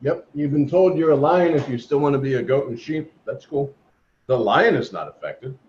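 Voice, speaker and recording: A man's voice: mid-range voice, moderate pace, darkish tone, slight background noise. A man leading a spiritual discussion on a video call, talking earnestly with repeated emphatic phrases. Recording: muffled video-call audio.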